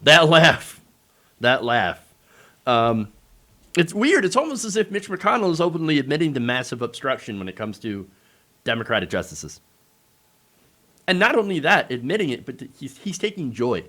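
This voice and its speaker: Sarcastic man, lively swinging pitch. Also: moderate pace. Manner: sarcastic, mocking. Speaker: political commentary host. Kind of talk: casual political commentary.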